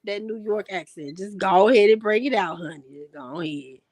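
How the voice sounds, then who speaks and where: A woman's voice: mid-range voice, a little fast, darkish tone, dry recording, studio quality. A young woman hosting a casual chat, rambling and laughing often. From Chicago area. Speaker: host.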